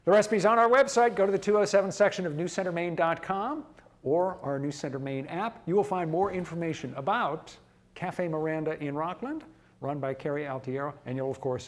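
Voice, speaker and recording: Brisk, dry-witted man TV host. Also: on the high side. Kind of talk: news magazine host. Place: TV studio kitchen.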